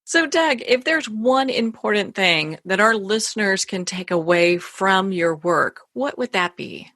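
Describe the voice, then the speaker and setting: A woman's voice: medium pitch, lively intonation, unhurried, fairly bright tone, no echo, clean studio sound. A woman hosting a conversational interview, asking questions and affirming her guest's points. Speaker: show host.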